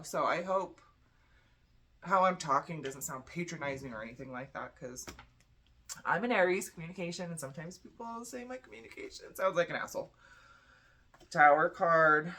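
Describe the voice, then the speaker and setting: A tired young woman gives a casual tarot reading in a deep voice with a sharp tone. She's chatty and blunt and swears freely.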